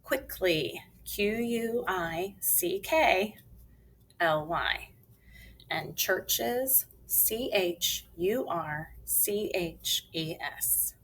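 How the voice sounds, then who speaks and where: Very slow, deliberate woman teacher. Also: mid-range voice, big pitch swings, a bit bright, a little hiss or hum, rough recording. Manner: slow, clearly enunciated, spells letters aloud. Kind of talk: phonics lesson for children.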